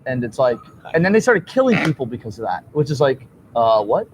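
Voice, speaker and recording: A man's voice: medium pitch, very animated, a little fast, slight background noise, poor audio. A man rambling and swearing while drunk, hosting a casual late-night livestream. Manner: rambling, profane. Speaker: livestream host.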